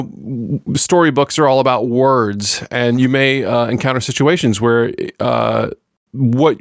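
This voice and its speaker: A man talks through a game review in a loose, conversational way. He restarts his sentences and fills the gaps with "uh" as he explains. His voice sits at a middling pitch and is recorded close and dry. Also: vocal fry, no echo. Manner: relaxed, explains with many restarts and fillers. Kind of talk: casual review chat.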